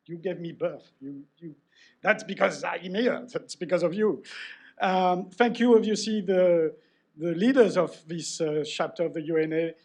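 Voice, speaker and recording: A middle-aged man with a French accent giving a joking, self-deprecating award acceptance speech and thanking people by name. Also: high voice.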